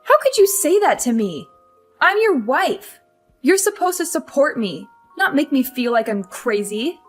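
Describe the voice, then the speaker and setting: A woman's voice: high-pitched, sing-song, a little slow. An actress playing a frustrated young career wife who complains about her mother-in-law, over faint music. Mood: upset. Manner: upset, complaining.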